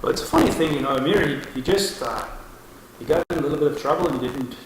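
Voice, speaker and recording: A man's voice: fairly high pitch, fast talker, far from the mic. A man playing a tabletop game in character, jokey and chatty. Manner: jokey and chatty, laughs often. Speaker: player. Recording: echoey room, off-mic, with hiss.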